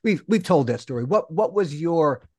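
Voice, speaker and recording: A man's voice: on the high side, lively intonation, moderate pace, a little mellow, husky, dry recording. A man co-hosting a podcast, asking a guest a question in a casual tone and stumbling over repeated words. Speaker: podcast co-host. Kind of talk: casual interview chat.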